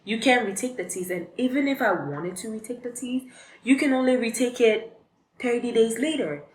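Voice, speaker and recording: A woman's voice: a little high, normal speed. A young woman, telling a story in a casual, chatty vlog with lots of fillers. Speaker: vlogger. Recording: echoey room.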